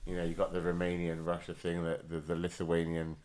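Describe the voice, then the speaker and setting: Low-voiced guy hosting a podcast, blunt, swears a lot, casual. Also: completely flat delivery, fairly quick, darkish tone. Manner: blunt, swears freely, short interjections. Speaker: podcast host. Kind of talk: casual chat.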